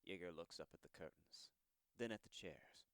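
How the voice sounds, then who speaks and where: A man's voice: low voice, moderate pace, dry recording. A man narrating the scene action in a plain, descriptive way.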